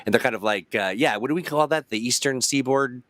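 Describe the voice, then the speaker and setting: A man's voice: mid-range voice, fast, a bit bright, no echo. A man hosting a casual chat, laughing often and reading viewer comments aloud. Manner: laughs often, chatty and reactive. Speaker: host.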